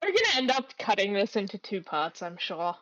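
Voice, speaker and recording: A woman's voice: mid-range voice, very animated, brisk, a bit bright. A woman co-hosting a podcast, telling a rambling story full of fillers in casual chat. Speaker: podcast co-host. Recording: dull lo-fi mic.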